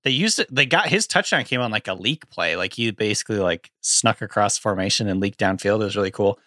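A man's voice: on the low side, animated, brisk, bright, forceful tone, no echo. A man co-hosting a podcast in casual chat, analytical and rambling, with many fillers, on a studio microphone. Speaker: podcast co-host.

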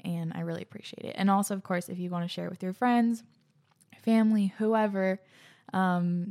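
Breathless young woman hosting a podcast. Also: lowish voice. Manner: earnest, gushing, slangy, trails off into soft breathy asides. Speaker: podcast host. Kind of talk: casual solo podcast chat.

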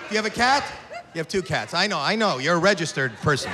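Older man shouting crowd work, high voice. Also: animated, fast. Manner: loud, incredulous, shouting at an audience member. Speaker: stand-up comedian. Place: comedy club stage. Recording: reverberant club, crowd noise. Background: laughing crowd.

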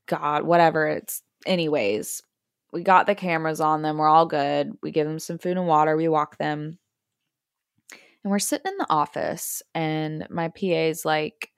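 A woman hosting a podcast, telling a story casually and acting out the quotes in hushed or high voices. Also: normal speed, vocal fry, smooth, no echo, studio quality. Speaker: podcast host.

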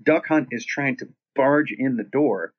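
A man's voice: mid-range voice, unhurried. A man telling a casual, profane anecdote, acting out the people in it, in a dull lo-fi recording. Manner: profane, animated storytelling with quoted voices.

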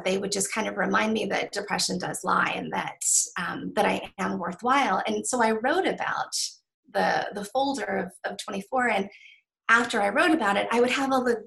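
A middle-aged woman author in a candid interview, talking haltingly with many restarts and ums. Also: medium pitch, vocal fry, a bit bright, rough recording. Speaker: author guest.

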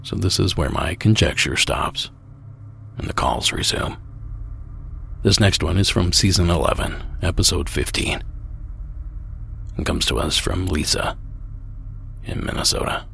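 A man narrates as a podcast host in a measured, musing way. His voice sits very low, with a gravelly rasp. There is a faint hiss behind him. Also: bright, forceful tone. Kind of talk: scripted narration.

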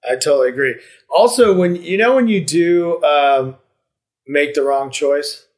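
A man's voice: a little high, measured pace. A man in casual podcast chat, talking in a reflective, rambling way with many restarts and fillers.

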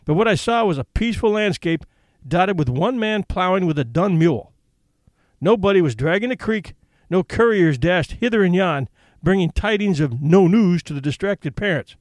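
A man's voice: high voice, animated, normal speed, no echo. A man narrating an audiobook story in a wry, folksy way, switching into character voices.

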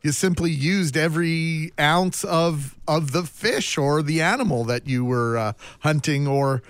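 A man co-hosting morning radio, asking a guest questions in a polite, measured way. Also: a little high, smooth, no room sound. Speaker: radio co-host.

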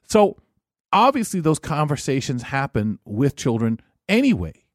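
A man co-hosting a talk show, speaking in an earnest, halting way and often repeating words as he starts a thought. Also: fairly high pitch, very animated, dry recording, clean studio sound. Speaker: co-host. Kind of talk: casual chat.

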